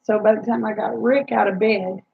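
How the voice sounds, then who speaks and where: Tired, gravelly woman chatting. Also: mid-range voice, fairly even intonation, moderate pace, phone-quality sound. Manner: chatty, drawling, rambling with many fillers. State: tired, yawning. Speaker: homesteader talking to live chat viewers. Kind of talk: casual live chat.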